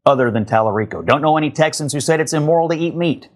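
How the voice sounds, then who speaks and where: A man's voice: fairly high pitch, animated, fast talker. A man commenting on a TV panel, emphatic and mocking. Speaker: TV political commentator.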